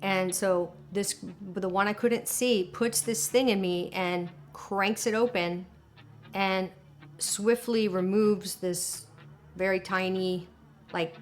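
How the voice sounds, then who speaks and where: A woman's voice: lowish voice, steady tone, takes it slowly, faint music behind. Woman telling a vivid emotional story. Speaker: interviewee. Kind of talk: documentary interview recounting an experience.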